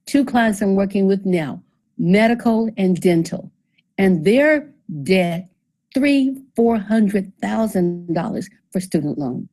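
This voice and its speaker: This woman's warm, medium-pitched voice comes through a low-quality recording as she presents on debt. Step by step she works the figures, asks her audience questions, and lets a dry sarcasm creep into some remarks.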